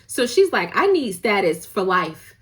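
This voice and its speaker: A woman's voice: medium pitch, big pitch swings, measured pace. Woman doing a chatty drama recap, gossipy and slangy, acts out the lines.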